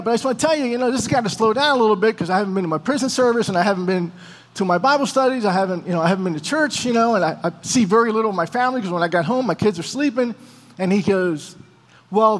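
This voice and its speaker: A man telling a personal testimony to a congregation, acting out both sides of the conversations as he goes. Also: high voice. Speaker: preacher giving testimony. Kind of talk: storytelling testimony. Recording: long hall reverb.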